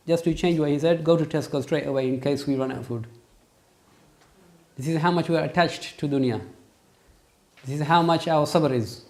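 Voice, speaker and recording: A man's voice: on the high side, normal speed, pauses often. A man teaching a religious lesson, quizzing his students and pressing emphatic points. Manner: questions students, lively, emphatic. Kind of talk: interactive classroom lesson. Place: classroom with students.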